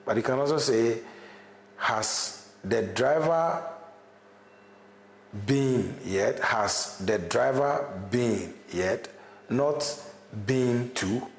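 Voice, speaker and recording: A man's voice: mid-range voice, animated, drawn-out words. A male university lecturer, teaching an online class, repeating his examples and checking in with "okay?". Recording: echoey room.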